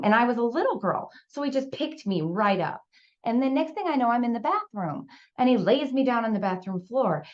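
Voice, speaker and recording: Woman telling her story, muffled recording. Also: medium pitch. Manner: talkative, vivid retelling with acted quotes. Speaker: speaker recounting personal story. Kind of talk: emotional personal testimony.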